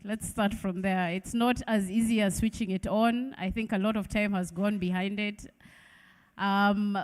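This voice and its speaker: Chatty middle-aged Ugandan woman presenting. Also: medium pitch. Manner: warm, chatty, asks the audience questions. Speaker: keynote speaker. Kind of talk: launch presentation speech. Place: event hall with an audience.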